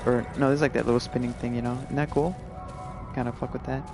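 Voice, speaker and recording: A man with a gravelly, creaky voice at a middling pitch, chatting loosely as he plays a game live. He rambles along with plenty of "like" and "you know". Game music plays steadily behind him. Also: fairly even intonation, quick pace. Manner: laid-back and rambling, full of "like" and "you know". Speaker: gaming streamer. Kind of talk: casual live gameplay commentary.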